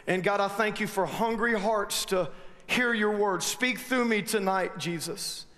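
A man's voice: high voice, a little slow. A man preaching a sermon, telling a story with lots of restarts and rising energy. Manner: animated storytelling with frequent restarts. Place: large church hall. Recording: long hall reverb, faint noise.

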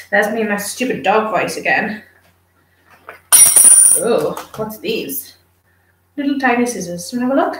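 A woman's voice: mid-range voice, lively intonation, normal speed, long pauses. A woman streaming casually while grooming her dog, chatting with viewers and cooing baby talk to the dog. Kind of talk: casual live chat with viewers. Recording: roomy, distant from the mic.

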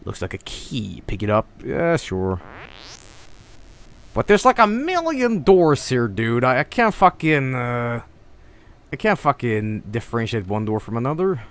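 A man's voice: mid-range voice, sing-song, a little slow, long pauses, a bit bright. A young man giving casual, mumbled commentary while playing a horror game on stream, rambling and swearing often. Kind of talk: casual let's-play commentary.

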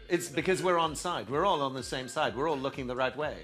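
A man's voice: a little high, huge pitch swings, fairly quick, a bit bright, soft background music. A man hosting a satirical news show, giggling and fumbling through outtakes.

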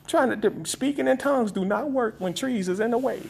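A man ranting for laughs on a live stream, complaining dramatically and repeating a flat "nope.". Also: fairly quick, creaky, husky. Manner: exaggerated, dramatic complaining with big pitch swings. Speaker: comedic vlogger. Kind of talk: comedic rant on a live stream.

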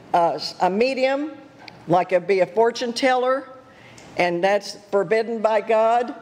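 A woman's voice: medium pitch, darkish tone. An older woman giving a sermon as a guest speaker, telling stories earnestly and emphatically with chuckling asides. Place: church. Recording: reverberant church hall.

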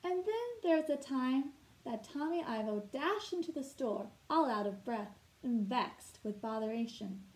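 In a low-quality recording, a teacher with a somewhat high voice reads a children's picture book at an unhurried pace, with hardly any pauses. She shapes lines expressively like a storyteller and occasionally stops to put questions to her young audience.

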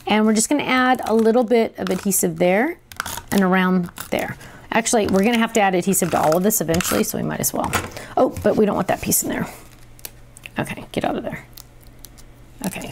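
A middle-aged woman hosting a craft tutorial, chatty and excitable, talking to herself as she works. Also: fairly high pitch, a little hiss or hum. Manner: chatty and excitable, talks to herself while working. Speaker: crafting show host.

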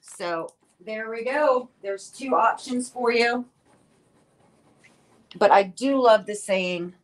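A woman's voice: fairly high pitch, takes it slowly. A middle-aged woman hosting a furniture painting livestream, reading viewer comments out in a chatty, friendly way.

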